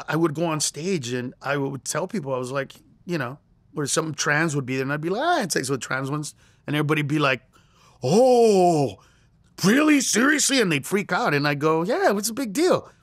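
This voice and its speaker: A man's voice: a little high, a bit bright, no room sound. A middle-aged man, a comedian and interview guest, telling a story with lots of energy and acting out quoted lines in a raised voice. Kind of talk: animated storytelling.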